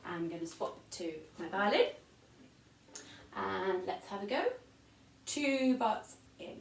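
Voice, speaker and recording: A woman's voice: medium pitch, animated, takes it slowly, gravelly, long pauses. A patient woman with an English accent walks pupils through a music lesson, counting beats aloud as she explains. Her voice sits in a middle range. It is picked up from some distance in an echoey room, with faint background hiss. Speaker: music teacher. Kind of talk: recorded online music lesson.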